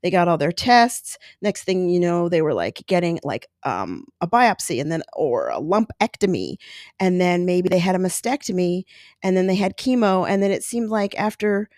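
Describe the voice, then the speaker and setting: A woman's voice: lowish voice, big pitch swings, moderate pace, a little mellow, no echo, studio quality. A woman in her forties hosting a podcast, speaking candidly and emotionally in a personal monologue. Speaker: podcast host.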